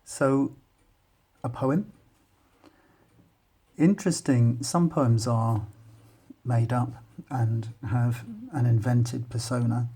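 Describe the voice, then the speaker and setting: A man with an English accent, talking students through a poem and thinking aloud in an unhurried, explanatory way. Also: medium pitch, steady tone, dark tone, husky. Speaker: English teacher.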